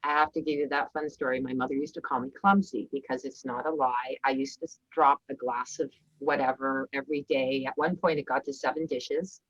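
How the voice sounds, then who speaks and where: A woman's voice: very deep voice, fairly even intonation, fairly quick, few pauses, dry recording, dull audio. A woman hosting a podcast in casual conversation, chatty and laughing at herself. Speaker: podcast host.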